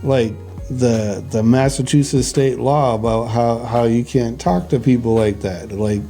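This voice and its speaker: A man telling stories in a casual podcast chat, animated, swearing easily and repeating words as he goes. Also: medium pitch, unhurried, faint music behind.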